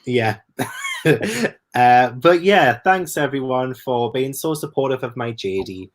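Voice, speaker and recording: A man hosts a relaxed book stream, talking in a mid-pitched voice. He gushes with enthusiasm and breaks into laughter often. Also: slow pace. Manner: effusive, gushing, laughs a lot. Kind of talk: casual chat.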